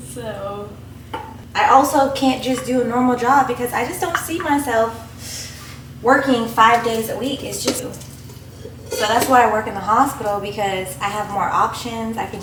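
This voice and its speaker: A woman's voice: normal speed, reverberant. Chatty young woman vlogging over noise. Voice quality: giggly and excitable, voice jumps high when moved. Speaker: night-shift hospital nurse. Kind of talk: casual vlog to camera. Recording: noisy background hiss.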